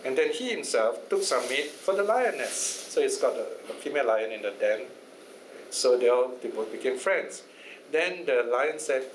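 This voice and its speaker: A man's voice: mid-range voice, animated, moderate pace. Man telling a fable in class. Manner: conversational, checks in with listeners often. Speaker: Buddhist teacher. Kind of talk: storytelling in a study class. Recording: echoey room, faint noise.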